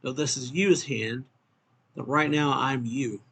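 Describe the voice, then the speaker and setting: A man's voice: mid-range voice, steady tone, measured pace, a bit bright, husky. A man reading the lines of a confused young man who keeps asking where he is. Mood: bewildered. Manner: bewildered questioning. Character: confused young man trapped inside a mind.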